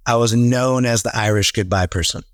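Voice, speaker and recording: Animated man telling stories on a podcast. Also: mid-range voice, fairly quick, dry recording, clean studio sound. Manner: animated storyteller, acts out quotes. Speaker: real estate team leader, podcast guest. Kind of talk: casual podcast conversation.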